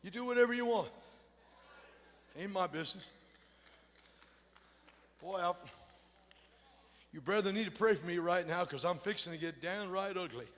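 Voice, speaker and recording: High-pitched shouting preacher man. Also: moderate pace, long pauses. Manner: shouting, whooping, folksy and rousing. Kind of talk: fiery revival sermon. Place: church sanctuary.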